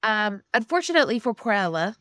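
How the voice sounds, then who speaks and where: A woman's voice: medium pitch, sing-song, fast, a bit bright, no echo. A woman co-hosting a podcast, retelling a book's plot in casual chat with dry humor. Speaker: podcast co-host. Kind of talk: casual book recap chat.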